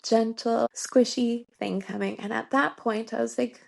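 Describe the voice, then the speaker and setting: A woman's voice: fairly high pitch, steady tone, a little slow, vocal fry. A woman in her thirties telling a personal story in a podcast interview, earnest, with many "like" fillers and frequent laughs. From Canada. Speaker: guest.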